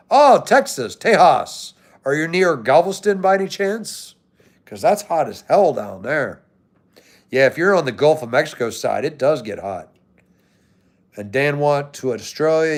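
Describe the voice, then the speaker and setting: An American man hosting a livestream, chatting casually with viewers in a laid-back way and swearing now and then. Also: medium pitch. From United States. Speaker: livestream host. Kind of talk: casual live chat answering viewers.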